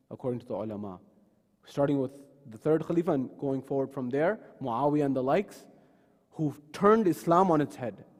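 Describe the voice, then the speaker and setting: In a mosque hall with long reverb, a man gives a sermon, dramatically retelling stories and performing the voices of those he quotes. His voice is slightly high and a little mellow.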